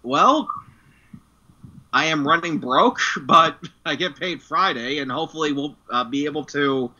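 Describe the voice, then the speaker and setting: A man from New York, co-hosting a casual chat and telling stories in an animated way, laughing often. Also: on the high side, unhurried. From New York, USA. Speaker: co-host. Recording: dull lo-fi sound.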